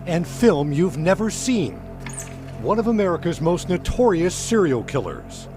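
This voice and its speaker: A man's voice: high-pitched, very animated, over music. Man narrating a crime news story. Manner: measured, dramatic storytelling delivery. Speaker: TV news reporter.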